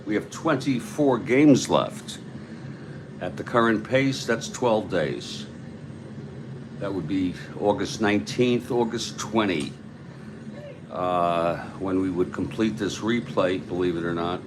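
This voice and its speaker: A man hosting a tabletop baseball replay, giving calm, measured play-by-play with chatty asides to viewers. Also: low-pitched, background noise. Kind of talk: play-by-play commentary of a board game replay.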